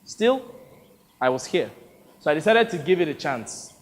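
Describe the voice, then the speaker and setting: A man's voice: a little high, big pitch swings, moderate pace. Wry male audiobook narrator, reverberant.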